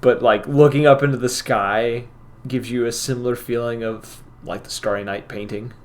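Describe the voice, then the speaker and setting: A man running a tabletop game as game master, narrating scenes in a relaxed, rambling way. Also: mid-range voice, normal speed. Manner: relaxed, rambling descriptions with laughs.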